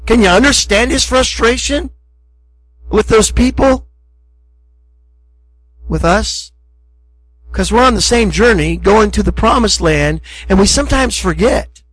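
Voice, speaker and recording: Husky-voiced man preaching a sermon. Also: high-pitched, animated, a little slow, long pauses, fairly bright tone, poor audio. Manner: conversational, emphatic preaching with acted asides. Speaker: pastor.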